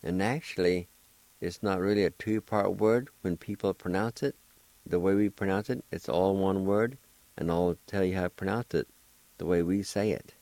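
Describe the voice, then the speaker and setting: A man's voice: low voice, fairly even intonation, normal speed, darkish tone, no room sound, low-quality recording. A man teaching a language lesson, spelling and pronouncing words syllable by syllable in a patient, encouraging way. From Oklahoma. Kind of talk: slow spelling and pronunciation lesson.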